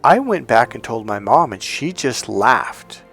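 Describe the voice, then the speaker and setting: Blunt, profane man at a middle pitch, coaching in vlog style, soft music underneath. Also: big pitch swings, a little slow, gravelly, husky. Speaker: relationship and healing coach. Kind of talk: motivational vlog monologue.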